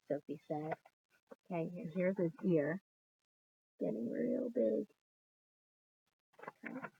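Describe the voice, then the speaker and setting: A woman teacher reading a children's book aloud in a steady storytelling voice, on a dull lo-fi recording. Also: on the low side, takes it slowly, vocal fry, pauses often, slightly rough. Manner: steady storytelling, quieter on narration.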